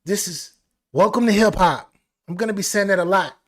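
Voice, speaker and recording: A man hosting a live album reaction stream, talking excitedly and repeating phrases. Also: sits high, normal speed. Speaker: music reaction host.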